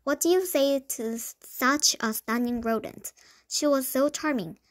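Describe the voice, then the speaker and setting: A woman reading a children's book aloud, in a lively storytelling manner with small stumbles. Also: sits high, measured pace. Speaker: storybook reader.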